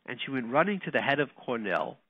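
Animated male storyteller on a tinny line. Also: medium pitch, quick pace. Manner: animated, acts out the quotes in his stories. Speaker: rabbi and speaker. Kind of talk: storytelling lecture. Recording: tinny phone-like, dry sound.

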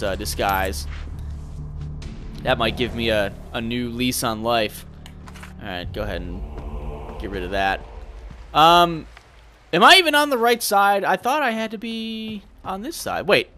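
Fluchender junger Mann beim Zocken. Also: male voice, medium pitch. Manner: excitable, swearing, thinking aloud. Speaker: gameplay commentator. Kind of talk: casual gameplay commentary.

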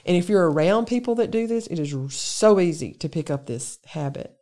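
Low-voiced woman teaching scripture. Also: lively intonation, moderate pace, warm tone. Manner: conversational, earnest, lists examples with emphasis. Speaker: women's day speaker. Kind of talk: Bible lesson talk to women.

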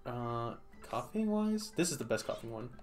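A man's voice: mid-range voice, very animated, moderate pace. Male streamer, easygoing giggly play-by-play, medium voice, light game music underneath. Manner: playful, giggly, talks to the game. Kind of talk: casual gameplay commentary.

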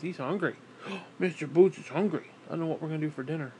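A man's voice: fairly high pitch, fast, darkish tone, a little hiss or hum. A man rambling casually on camera, swearing often and switching into baby talk with his pet. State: broke and frustrated. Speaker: vlogger.

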